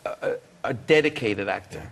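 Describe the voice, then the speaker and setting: A man's voice: fairly low pitch, animated, normal speed, creaky, a little hiss or hum. A middle-aged man from Ireland, a guest musician on a chat show, telling a long rambling anecdote and breaking off to act out what people said. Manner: rambling, self-interrupting storyteller acting out quotes.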